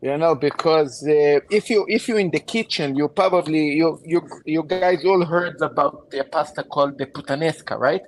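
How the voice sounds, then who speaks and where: A man, a guest in a casual chat, telling a story in halting, repeated phrases. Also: on the high side, low-quality recording.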